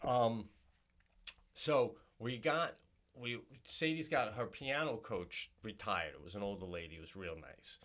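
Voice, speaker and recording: Bright-voiced man telling a wild story. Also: a little slow. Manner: animated, profane, voice climbing high and loud when worked up; laughs while telling stories. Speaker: podcast co-host. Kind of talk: casual comedic storytelling.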